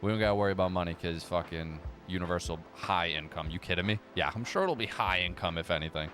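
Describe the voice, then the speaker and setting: A man's voice: low voice, fast, a bit bright. A man hosting a casual livestream, reading viewer chat and answering with profane, sarcastic banter.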